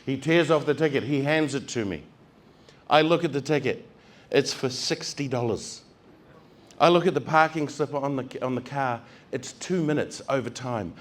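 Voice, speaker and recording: A male stand-up comedian telling stories on stage, animated, acting out scenes and building to shouts. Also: medium pitch, moderate pace. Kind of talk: stand-up storytelling. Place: comedy stage before a live audience.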